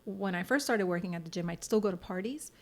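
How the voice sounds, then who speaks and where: A woman's voice: mid-range voice, fast. Candid American woman telling her story. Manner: animated, candid, acts out quoted voices. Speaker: guest, singer-songwriter and actress. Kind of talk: casual interview storytelling.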